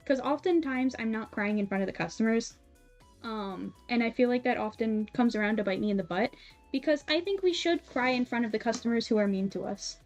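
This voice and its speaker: A young woman streamer casually telling a story while sewing, animated and laughing often, with many fillers. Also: on the high side, brisk, muffled recording. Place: home streaming setup. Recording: soft music behind.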